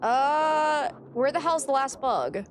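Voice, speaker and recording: A woman's voice: high voice, expressive, slow, a little hiss or hum. A woman streamer chatting casually while playing a game, exasperated and swearing casually as she goes. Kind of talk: casual gameplay commentary.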